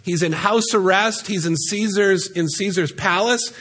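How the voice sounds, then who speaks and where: A man's voice: sits high, measured pace, fairly bright tone. A man preaching a sermon in a church, earnestly reading scripture aloud and explaining it. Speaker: pastor. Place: church sanctuary.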